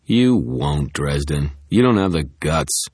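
A man's voice: extremely low pitch, sing-song, slow pace, darkish tone, husky, no room sound, studio quality, full character voice. A man voicing a sneering, brutish male werewolf agent who growls his lines in a storybook reading.

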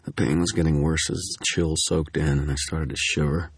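A man giving steady, grim first-person audiobook narration. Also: very deep voice, normal speed, slightly rough, no room sound, clean studio sound.

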